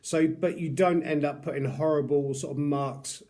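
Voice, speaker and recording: Chatty man, slightly high voice. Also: fairly even intonation, normal speed, mellow. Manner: chatty and earnest, upbeat greetings. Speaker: product reviewer. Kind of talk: casual talk to camera.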